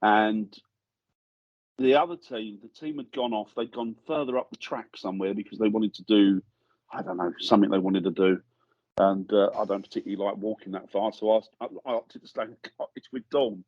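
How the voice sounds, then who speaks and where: A man, a guest paranormal investigator, telling a lively story in casual chat and acting out the voices he quotes. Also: fairly low pitch, a little fast, dry recording, dull audio. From England. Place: studio.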